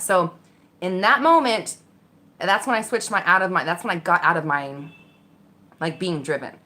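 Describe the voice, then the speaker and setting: Woman in her 30s telling a story, bright tense voice, kinda low, swears a lot. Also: normal speed, long pauses. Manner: candid, animated, swears freely, acts out voices. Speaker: vlogger. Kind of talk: casual storytelling.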